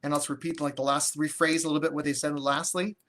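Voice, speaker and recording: Energetic man coaching on a livestream. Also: a little high, fast. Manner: energetic, conversational, frequent restarts. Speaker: real estate wholesaling coach. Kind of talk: live-streamed teaching with viewer comments.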